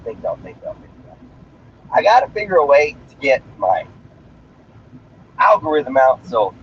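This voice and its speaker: A man's voice: high-pitched, a little hiss or hum. A man chatting casually on a livestream, talking loosely with profane street slang, from inside a car. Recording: slightly dull lo-fi stream audio.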